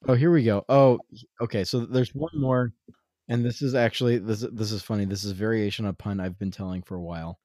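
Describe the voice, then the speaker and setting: A man with a somewhat low voice co-hosts a casual podcast chat, reading out dad jokes and stumbling over his words with a wry edge. The sound is dry and close. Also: steady tone, a little mellow, no room sound. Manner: halting, self-interrupting, wry. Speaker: podcast co-host.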